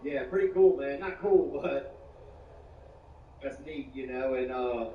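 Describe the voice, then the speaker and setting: Man rambling deadpan stand-up, echoey far-off. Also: mid-range voice, slow. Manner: rambling, deadpan, peppered with "you know". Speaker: stand-up comedian. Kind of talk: stand-up comedy. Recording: echoey, distant, dull, noisy live room.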